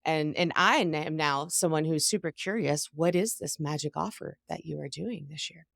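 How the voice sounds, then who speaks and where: A woman's voice: low-pitched, moderate pace, gravelly, no echo, studio quality. A woman hosting a podcast as a business coach, speaking in a reflective and encouraging way in casual conversation.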